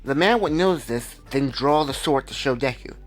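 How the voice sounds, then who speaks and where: Dude just rambling thru a fan story, chill and offhand, some quiet music under it. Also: male voice, medium pitch, expressive, moderate pace. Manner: rambling, conversational, self-correcting. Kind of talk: casual improvised fan storytelling.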